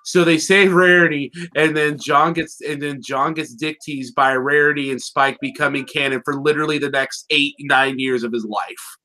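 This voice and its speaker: A man's voice: fairly high pitch, fairly even intonation, normal speed, hardly any pauses, sharp tone. A man chatting casually as co-host, joking with slang and meme references. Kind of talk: casual review chat.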